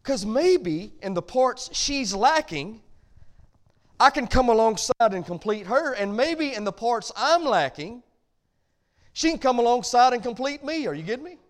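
Pastor, male, middle-aged, high voice with a wide swing, folksy preaching that turns emphatic. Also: sing-song, measured pace. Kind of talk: sermon.

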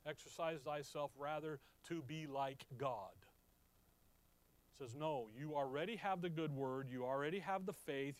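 A man teaching a sermon through a Bible passage, asking the congregation questions and checking that they follow. He swings from emphatic peaks to low, quiet asides. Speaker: pastor.

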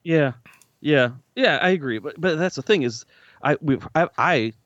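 A man's voice: fairly high pitch, animated, normal speed, a bit bright, dry recording. A man hosting a casual car podcast, easygoing and thinking aloud as he agrees with his co-host. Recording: slightly dull lo-fi recording.

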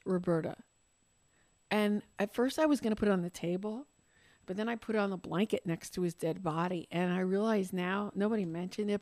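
A woman's voice: mid-range voice, a little mellow, no echo. An older woman on a podcast, crying as she tells a candid personal story, swearing and mocking herself. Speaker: podcast guest.

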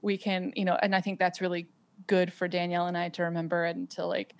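With a fairly low voice that barely moves in pitch, a woman talks quickly on a podcast where she's a guest. She's a parent, and her reflective, casual remarks are full of "um," "like," and frequent false starts.

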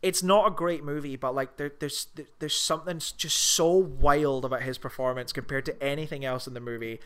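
A podcast co-host talks briskly in a bright, smooth voice a touch higher than most men's during a casual film chat. Excitable and animated, he rambles through his thoughts with restarts and swears often.

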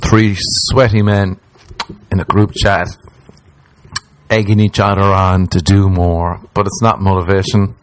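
A man's voice: sits low, level tone, unhurried, a little hiss or hum. A young Irish man hosting a comedy podcast alone, rambling jokily and slipping into mocking voices. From Ireland. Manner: rambling, jokey, jumps into mocking put-on voices. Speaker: podcast host. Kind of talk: comedic solo podcast monologue.

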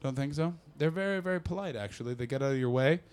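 A man telling a comic story on a podcast, animated and breaking into loud impressions. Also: medium pitch, fast, clear, resonant tone. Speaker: comedian and podcast host.

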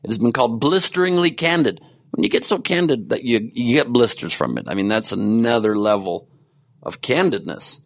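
A sleep-deprived podcast host chats casually and ramblingly, joking at his own expense with plenty of jokey asides. His voice is medium-pitched and animated, at a moderate pace.

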